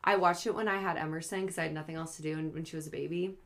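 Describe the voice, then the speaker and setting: A woman chatting casually as a podcast co-host, opinionated and quick with impressions. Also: sits low, steady tone, fairly bright tone. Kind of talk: casual chat.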